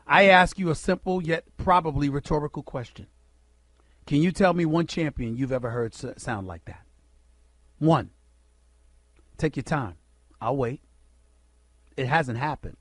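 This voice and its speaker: A man's voice: high-pitched, moderate pace, a bit bright, dry recording. A middle-aged American man delivering an impassioned sports radio monologue, emphatic and preacher-like, firing rhetorical questions at listeners.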